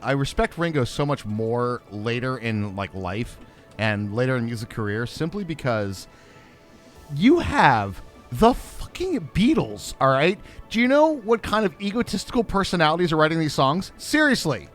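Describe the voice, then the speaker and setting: A man's voice: medium pitch, moderate pace, soft background music. A man co-hosting a gaming livestream, chatting casually in a rambling, jokey way. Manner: animated, rambling, jokey asides. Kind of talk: casual chat while playing.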